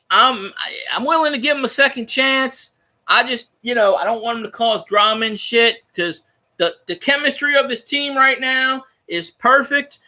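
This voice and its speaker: A man hosting a casual sports chat, rambling and profane like an excited fan. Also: very high-pitched. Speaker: podcast host.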